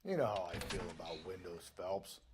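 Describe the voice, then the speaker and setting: An actor playing a blunt, cynical middle-aged police detective in a video game, speaking in a streetwise way. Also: male voice, low-pitched, lively intonation, brisk. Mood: gruff. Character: gruff middle-aged male 1940s cop, blunt and cynical. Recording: game audio under loud noise.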